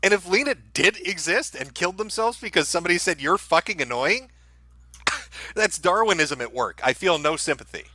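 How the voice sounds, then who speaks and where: A male commentary host picks apart social media posts with mocking, foul-mouthed sarcasm. His pitch swings widely as he talks, and his tone is bright and cutting. The sound is dry and close. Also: expressive, moderate pace, no echo.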